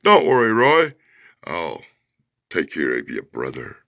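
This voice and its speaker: A man's voice: low voice, wildly swooping pitch, measured pace, creaky, bright, forceful tone, no room sound, clean studio sound, pitched below the performer's own voice, heavily acted. A man voicing a cocky male sorcerer superhero, with swaggering, mocking bravado while reading a comic book aloud.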